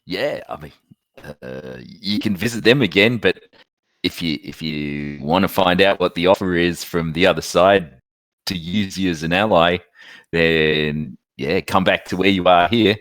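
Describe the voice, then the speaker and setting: Low, expressive male player, persuasive, close dry mic. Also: measured pace, no echo. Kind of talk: in-character tabletop play.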